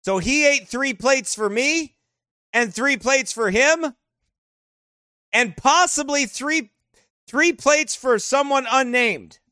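A man with a strikingly high, bright voice tells casual stories while flipping through his photos. He is animated, laughs often, and the sound is dry and close. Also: takes it slowly, long pauses, clean tone, no echo. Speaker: vlogger showing travel photos. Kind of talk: casual storytelling.

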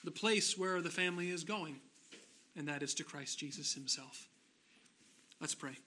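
Male pastor, sermon delivery, slightly high, bright and forceful tone, emphatic phrasing. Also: slight background noise. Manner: emphatic preaching, slowing and rising on key phrases; softer, lower voice in closing prayer.

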